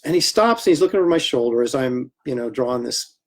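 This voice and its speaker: A man's voice: medium pitch, quick pace. Chatty man telling stories while drawing. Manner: chatty, animated anecdotes with laughter and acted quotes. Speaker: comic artist hosting a livestream. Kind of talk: casual storytelling while drawing.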